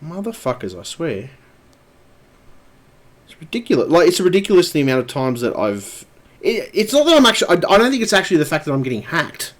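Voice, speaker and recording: Guy streaming, angry and cussing nonstop, voice jumping all over, kinda high. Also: very animated, a little fast. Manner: angry, profane ranting. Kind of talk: live stream chat.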